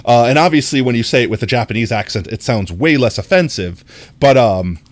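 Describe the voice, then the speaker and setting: A man's voice: mid-range voice, lively intonation, a little fast, no room sound. A young American man chatting casually on a live stream, reading chat aloud, rambling and often laughing.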